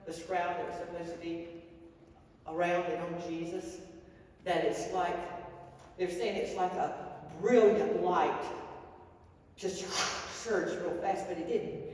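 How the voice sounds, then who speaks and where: A woman's voice: lowish voice, steady tone, slow pace, long pauses, darkish tone, a little hiss or hum. A woman pastor giving a sermon in an earnest, rambling storytelling way, with restarts. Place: church sanctuary. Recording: echoey church hall mic from far off.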